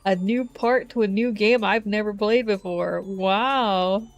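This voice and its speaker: A woman's voice: mid-range voice, fairly even intonation, slow pace, no echo. Chatty woman streamer, rambling and exasperated. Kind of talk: casual live-stream chat. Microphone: desk microphone.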